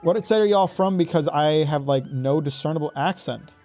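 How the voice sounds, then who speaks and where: Midwestern male streamer, loose foul-mouthed chatter to viewers, a touch higher voice, faint game music behind. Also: moderate pace, darkish tone. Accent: Midwestern American. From Oregon, raised in Michigan. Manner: casual, rambling, swears freely. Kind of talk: live gameplay commentary chatting with viewers.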